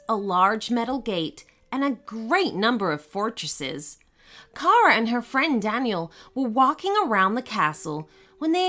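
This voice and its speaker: A woman reading a children's story aloud in an expressive, unhurried way. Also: a little high. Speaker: narrator.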